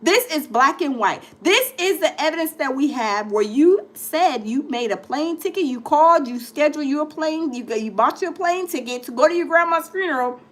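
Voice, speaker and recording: High-voiced chatty gossip host woman. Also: moderate pace, few pauses. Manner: animated, chatty storyteller, talks to viewers as "y'all"; reads news aloud with frequent fillers and restarts. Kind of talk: casual live-stream commentary.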